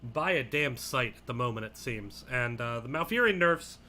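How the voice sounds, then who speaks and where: A man's voice: mid-range voice, expressive, moderate pace, sharp tone, slight background noise. A man casting an esports draft solo on a live stream, casual and crude, with joking asides. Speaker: esports caster.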